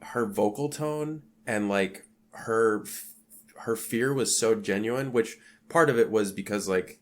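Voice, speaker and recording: A man's voice: fairly low pitch, measured pace. A man co-hosting a podcast, chatting about a film in a laid-back, rambling way with lots of filler words. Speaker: podcast co-host. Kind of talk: casual film discussion.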